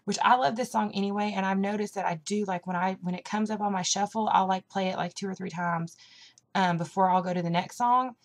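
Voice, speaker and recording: A woman's voice: mid-range voice, steady tone, a little fast. A young woman with a Southern country accent, rambling through a casual vlog with plenty of fillers and a hyper, caffeinated energy. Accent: American Southern country. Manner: chatty and rambling, with lots of fillers. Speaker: vlogger. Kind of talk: casual chat.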